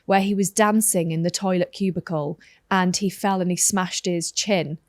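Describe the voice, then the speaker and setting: A woman co-hosting a podcast, chatting casually and retelling stories with animated energy. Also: fairly low pitch, moderate pace, no room sound, studio quality. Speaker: podcast co-host. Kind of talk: casual chat.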